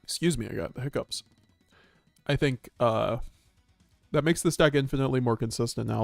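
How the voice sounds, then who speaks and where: A man streaming a card game, rambling casually to his chat with stumbles, restarts and quick chuckles. His voice sits at an ordinary middle pitch and sounds close and dry, with faint music in the background. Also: gravelly, no echo. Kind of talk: live-stream gameplay commentary.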